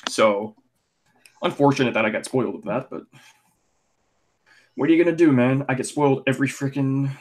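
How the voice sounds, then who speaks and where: A man's voice: mid-range voice, a little fast, long pauses, a little hiss or hum. Chatty young man riffing on wrestling. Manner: chatty, rambling, animated opinions with lots of fillers. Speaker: podcast co-host. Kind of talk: casual wrestling podcast chat.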